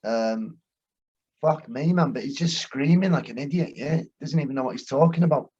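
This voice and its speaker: Give me a man with a slightly high voice, brusque and sweary, recorded lo-fi. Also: normal speed, darkish tone, slightly rough. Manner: brusque and sweary, with lots of short agreeing replies. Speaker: podcast co-host. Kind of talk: casual chat. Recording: dull lo-fi recording.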